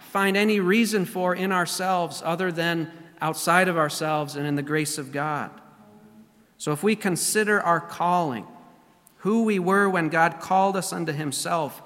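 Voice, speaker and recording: A man preaching a sermon as pastor, speaking deliberately, slowing down and repeating key phrases for emphasis. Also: high-pitched, fairly bright tone, long reverb tail. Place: church sanctuary.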